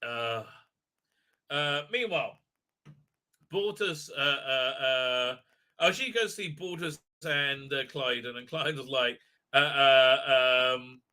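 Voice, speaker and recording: A man's voice: mid-range voice, slow, sharp tone. A man hosting a live commentary stream, rambling and sarcastic, with many fillers and mocking voices when he quotes people. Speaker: show host.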